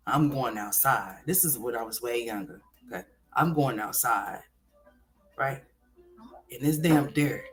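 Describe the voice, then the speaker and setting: The host of a livestream, a woman from Oklahoma, spins a story loosely and animatedly, swearing along the way. She drops into quiet mutters, then bursts into loud exclamations.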